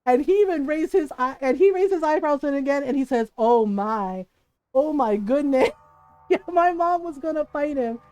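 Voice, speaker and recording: A high-voiced woman streamer tells a story in casual chat, cursing freely and checking in with "right?" after each beat. The sound is dry and close, with faint music behind her. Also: brisk, darkish tone, dry recording, low-quality recording. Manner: swears freely, tags lines with "right?".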